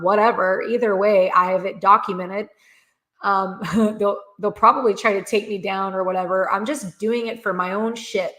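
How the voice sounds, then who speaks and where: Forties woman, stream host; candid and chatty, halting delivery, frequent laughs. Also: mid-range voice, vocal fry, fairly bright tone. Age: 40s. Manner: rambling, halting, many restarts and fillers; earnest and candid, laughs often. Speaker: livestream host. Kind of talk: casual live-stream rant. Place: home room with echo.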